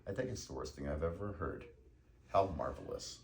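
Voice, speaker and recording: A cruel nobleman sneers at his wounded enemy, as a man reads him. The voice is extremely deep, with a creaky edge. It is a storybook reading. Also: expressive, moderate pace, darkish tone, roomy sound, a little hiss or hum. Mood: sneering. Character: cruel nobleman swordsman, mocking, later begging.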